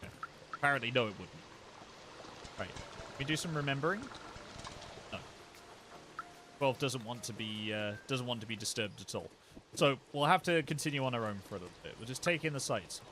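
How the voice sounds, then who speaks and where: This man streams gameplay live, talking a little fast but with long pauses, joking around with chat in a lively-pitched voice. Loud game music sits beneath him, plus some background noise.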